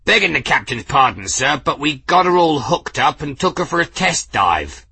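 A man doing a loud, eager ship engineer. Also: on the high side, very animated, moderate pace, creaky, slightly rough, no room sound, voice pushed up, exaggerated voice. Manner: loud, eager military replies. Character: eager, sheepish ship engineer, male adult.

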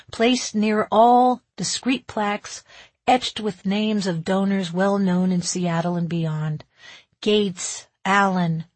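Slow, breathy woman reading a novel. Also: mid-range voice, no echo. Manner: wry, measured storytelling. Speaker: audiobook narrator. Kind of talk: first-person novel narration.

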